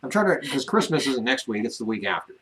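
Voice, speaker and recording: A man's voice: mid-range voice, sing-song, fast talker, a crowd in the background, rough recording. A man with an ordinary mid-range voice chats easily on a live stream from a ranch. He talks loosely, full of fillers and false starts, with a teasing edge toward his co-host. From Wyoming. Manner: easygoing, many fillers and restarts, teasing. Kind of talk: casual live-stream chat.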